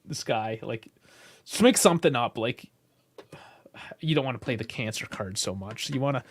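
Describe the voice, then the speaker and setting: A man's voice: medium pitch, animated, normal speed. A young married man co-hosting a casual livestream, laid-back and teasing. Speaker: podcast co-host.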